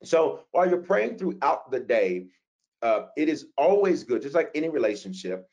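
A man teaching as a pastor, reading out listener questions and answering them in a conversational, animated preaching manner. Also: fairly high pitch, moderate pace, highs cut off.

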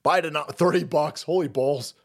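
A man's voice: fairly high pitch, moderate pace. A man hosting a live stream, ranting in a sarcastic, foul-mouthed way. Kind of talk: profane political rant stream.

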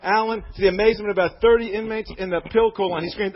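A man's voice: high-pitched, fairly even intonation, fast, few pauses. A man preaching on the radio, reading a letter aloud in an earnest, fervent, praising manner. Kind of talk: sermon reading a listener's letter. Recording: dull lo-fi radio broadcast.

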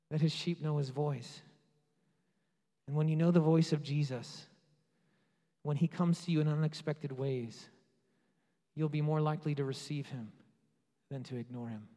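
A man preaching a sermon with passion, rising to loud peaks and dropping to quiet asides. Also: fairly high pitch. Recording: long hall reverb.

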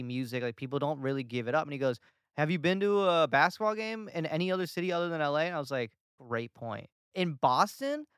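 A man's voice: mid-range voice, smooth, no room sound, clean studio sound. A young adult man from New York, a comedian telling stories and ranting in a casual podcast chat. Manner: animated storytelling, rants with rising emphasis. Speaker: comedian guest.

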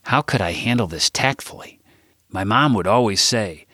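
A man reading his own book aloud as first-person narration, jumping much higher and louder whenever he voices dialogue. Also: lively intonation, normal speed, husky, no room sound, clean studio sound.

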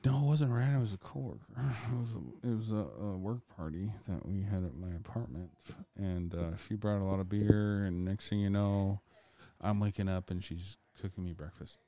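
Low-ish voiced dude rambling and teasing his friends. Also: moderate pace, warm tone, no echo. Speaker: podcast co-host. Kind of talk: casual crude chat.

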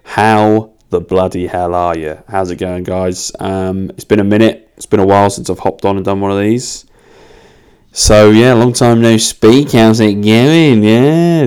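A young man with a very deep, clear and smooth voice rambles through a casual solo podcast. His talk is loose and peppered with swearing. He keeps laughing at his own expense. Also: a little mellow. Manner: loose, sweary and self-mocking. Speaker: podcast host.

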